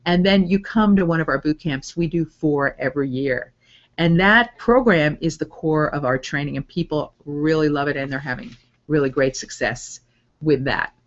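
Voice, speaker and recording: A woman's voice: sits low, normal speed. A middle-aged woman coaching voice over students, chatting casually and upbeat while answering viewer questions. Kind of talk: live Q&A webinar. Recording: dull lo-fi audio.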